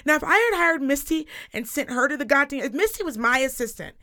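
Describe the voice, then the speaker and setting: A woman in her thirties co-hosting a casual podcast, telling a story in an animated, profane rant. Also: high-pitched, fast. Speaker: podcast co-host. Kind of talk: casual chat.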